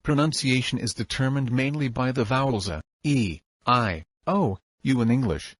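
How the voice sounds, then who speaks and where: A man reading a self-help audiobook in an even, instructive narration style. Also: medium pitch, moderate pace, slightly rough, dry recording.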